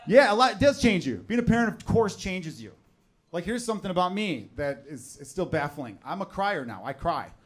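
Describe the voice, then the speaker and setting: A man, working a comedy club stage into a handheld mic. His voice sits slightly high for a man, and his easy chat keeps bursting into shouted, over-the-top voices for the people in his stories. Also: very animated, a little fast, slightly rough. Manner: conversational, jumps into loud exaggerated voices for characters. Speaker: stand-up comedian. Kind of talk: stand-up comedy set.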